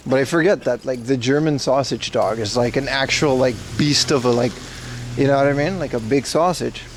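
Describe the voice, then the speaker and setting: Walking through city streets, a livestream host with a mid-range voice talks at a normal pace, joking and reading chat questions aloud to answer them. There's a bit of hiss or hum in the audio.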